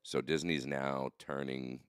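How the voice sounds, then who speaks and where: A man's voice: rumbling low, flat delivery, takes it slowly, smooth, no room sound, studio quality. A man co-hosting a podcast in casual chat, rambling and correcting himself as he talks, often laughing. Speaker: podcast co-host.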